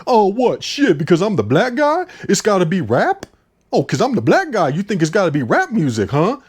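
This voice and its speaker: A man putting on the voice of an indignant young man who takes offense at everything, speaking loudly and with mock outrage. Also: high voice, wildly swooping pitch, normal speed, husky, pitched above the performer's own voice, full character voice. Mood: mock-offended. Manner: loud, mock-offended, exaggerated.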